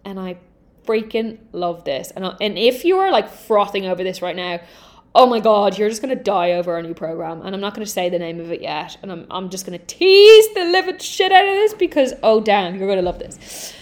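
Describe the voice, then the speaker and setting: A young adult woman hosts a podcast as a healing coach, speaking in a candid, energetic and casual monologue and swearing freely. Her voice is mid-range and a little fast.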